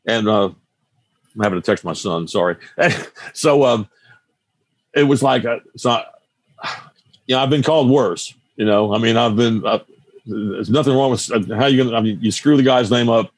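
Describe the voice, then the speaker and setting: An older man in his seventies, a musician from New Jersey, spinning a story in a relaxed interview chat. His pitch sits in a middling range, and he wanders through restarts and side remarks. The sound is close and dry, with no room around it. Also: normal speed, long pauses, no echo. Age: 70s. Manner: rambling, loose, with many restarts and asides. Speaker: musician guest. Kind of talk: casual storytelling.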